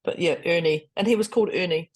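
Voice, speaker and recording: A woman chats on a podcast in a lively, playful way and laughs often. Her voice is husky and fairly low. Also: fast talker. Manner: animated, playful, laughs a lot. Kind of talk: casual podcast chat.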